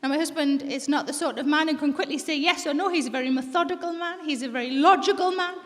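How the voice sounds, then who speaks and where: A woman in her forties with a North East English accent, telling bawdy stories deadpan in a stand-up set and acting out the voices of the people in them. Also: high-pitched, fast. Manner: bawdy deadpan storytelling, acts out quoted voices. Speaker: stand-up comedian. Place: large theatre with live audience. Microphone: stage microphone. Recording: reverberant hall, loud audience laughter.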